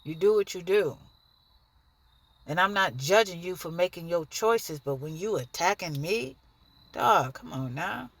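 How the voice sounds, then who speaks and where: A woman's voice: on the low side, animated, unhurried, dry recording. A woman giving a blunt, profane, preachy monologue straight to the camera in her own vlog. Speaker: dancer and vlogger.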